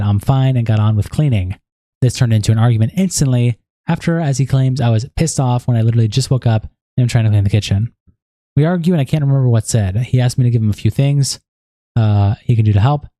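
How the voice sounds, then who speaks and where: Mellow-voiced man reading statements aloud. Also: mid-range voice, no room sound. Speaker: online commentator.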